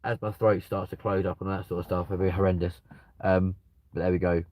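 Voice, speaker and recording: A man's voice: low-pitched, flat delivery, brisk, warm tone. A man, banter-style streamer reading out chat and answering with crude jokes, at home. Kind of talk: casual chat. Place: at home with dogs nearby.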